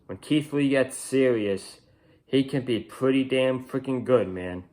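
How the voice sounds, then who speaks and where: Young male reviewer, casual solo review, opinionated and rambling, mid-pitched voice. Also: a little slow, darkish tone. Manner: rambling, opinionated, frequent restarts. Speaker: wrestling show reviewer.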